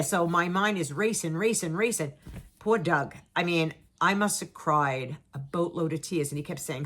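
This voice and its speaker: Animated middle-aged woman telling a story. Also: on the low side, normal speed. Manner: animated, dramatic, acts out her own and others' lines; repeats words for emphasis. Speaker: vlogger telling a personal story. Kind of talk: casual storytelling to camera.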